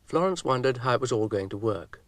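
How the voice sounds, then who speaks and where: A man narrating a children's story with a dry, gently wry delivery. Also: medium pitch, expressive, a little fast, no echo.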